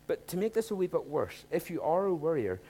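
Preacher, quiet then emphatic. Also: male voice, on the high side, very animated, fairly quick, a little hiss or hum. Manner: conversational, asks the congregation rhetorical questions; frequent restarts, swings from quiet to emphatic. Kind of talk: sermon.

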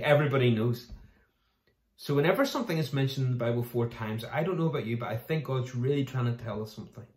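A man's voice: medium pitch, echoey room. A man preaching a sermon in a casual, conversational way, acting out the voices of the people he quotes. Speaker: pastor.

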